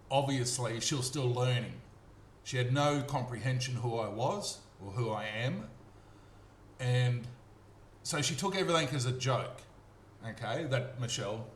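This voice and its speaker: A middle-aged man, rambling through a personal story, acting out the dialogue and checking in with "okay?". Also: mid-range voice. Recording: roomy with faint background noise.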